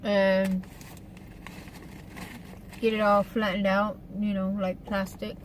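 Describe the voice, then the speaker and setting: A woman's voice: mid-range voice, flat delivery, takes it slowly, slight background noise, rough recording. Rambling woman vlogging from her car. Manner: chatty, rambling, with fillers and asides. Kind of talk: casual eating-show chat. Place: inside a parked car.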